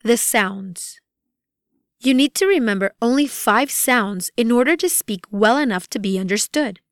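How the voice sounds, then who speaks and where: A woman reading a scripted language course with a deliberate, evenly paced teaching delivery. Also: on the high side, dry recording, clean studio sound. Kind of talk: scripted instructional narration.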